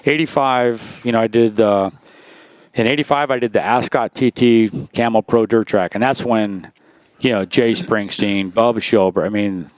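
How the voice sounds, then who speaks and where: A man's voice: on the low side, moderate pace, smooth, dry recording. Rambling storyteller man in his 60s. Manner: rambling, full of "you know" and restarts. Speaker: interview guest, former motocross racer. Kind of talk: casual storytelling interview.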